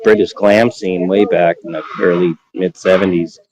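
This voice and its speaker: Low-voiced man guest, relaxed casual chat, hesitant pauses. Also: dull audio, crowd noise. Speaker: guest on stream.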